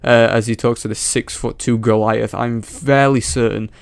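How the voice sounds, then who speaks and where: A man delivers swearing, mocking commentary on a viral clip in a flat, monotone voice. His voice is smooth and clear. It is recorded close to the mic in a dry room. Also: mid-range voice, normal speed, no echo. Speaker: reaction video commentator. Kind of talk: sarcastic reaction commentary.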